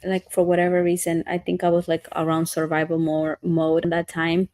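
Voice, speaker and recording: A woman's voice: lowish voice, completely flat delivery, normal speed, a little mellow, no echo. A woman in her thirties co-hosting a podcast, telling earnest parenting stories in casual chat. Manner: earnest, storytelling, acts out quotes. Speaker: podcast co-host.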